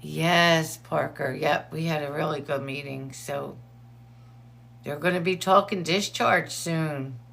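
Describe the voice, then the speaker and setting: A woman hosts a casual livestream, talking slowly in a low voice. Her tone has a gravelly fry, and she chats warmly with viewers, calling out their names between updates. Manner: chatty, greets viewers by name between updates. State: teary eyes from allergies. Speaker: livestream host.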